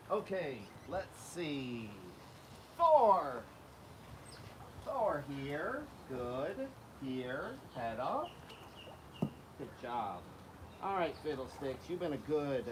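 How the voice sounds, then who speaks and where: A man's voice: fairly high pitch, very slow, long pauses. A man hosting a casual vlog outdoors, coaxing and calling to alligators as he feeds them, in a windy spot. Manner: animated, calls animals in a coaxing voice. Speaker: alligator keeper and channel host. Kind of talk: casual vlog talk while feeding animals. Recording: noisy outdoor recording.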